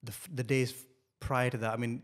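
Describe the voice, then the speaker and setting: A middle-aged man, telling a personal story as a podcast guest, halting and repeating words with many fillers. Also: medium pitch, flat delivery. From northern England.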